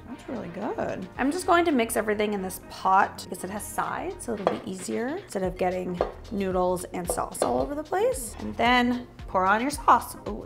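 A woman's voice: medium pitch, creaky, fairly bright tone. A young woman chatting casually through a cooking demonstration in a home kitchen, with joking asides as she goes. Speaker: cooking vlogger.

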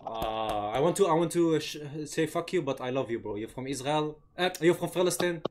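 A young man with a high voice for a man argues with strangers on a video chat. He swears freely and repeats himself when worked up. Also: animated, brisk, background noise. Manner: heated, profane, repeats himself. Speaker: streamer on random video chat. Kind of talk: casual confrontational chat.

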